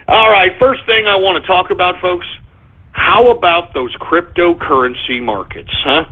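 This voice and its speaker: Over a tinny, phone-like internet radio stream, an exasperated male host rants live, swearing, stumbling into restarts, and addressing the audience as folks. His high-pitched voice is slightly rough and he speaks at a measured pace.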